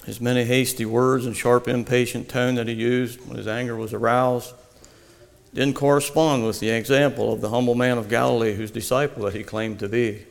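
Man, story narrator, slow and earnest, gravelly tone, reverberant hall. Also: medium pitch, little pitch movement. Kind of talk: reading a devotional story aloud.

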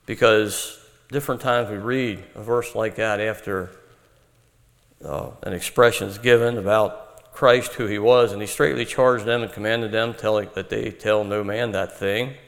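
A man preaching an earnest, measured Bible-teaching sermon. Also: lowish voice, fairly even intonation, long reverb tail.

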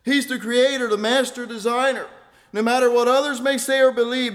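A man preaching a sermon in an earnest, deliberate way, repeating key phrases for weight. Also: very high-pitched, fairly even intonation.

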